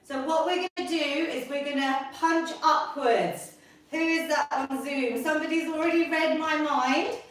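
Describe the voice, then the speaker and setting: A woman's voice: high-pitched, unhurried. A middle-aged woman, leading a live online workout class for seniors as a fitness instructor, upbeat and encouraging as she counts down the reps. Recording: very echoey room, voice from far off.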